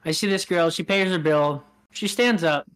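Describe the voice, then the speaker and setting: A man's voice: fairly high pitch, moderate pace, a bit bright. Laughing man telling a rambling story. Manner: rambling anecdote, laughs often, acts out quotes. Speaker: podcast co-host. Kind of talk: casual storytelling chat.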